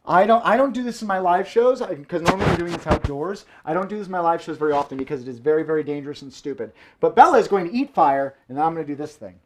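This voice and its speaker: A man's voice: on the high side, animated, fast talker, hardly any pauses, very noisy. A man hosting a live variety show from a room at home, joking through his fire tricks. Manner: jokey, playful, theatrical asides. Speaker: host and fire performer.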